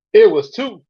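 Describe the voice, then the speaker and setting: A man reads his own novel aloud, stopping for casual asides. His pitch swoops around in a lively way. The recording sounds dull and lo-fi. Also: slightly rough. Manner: animated, laughs often, quiet asides.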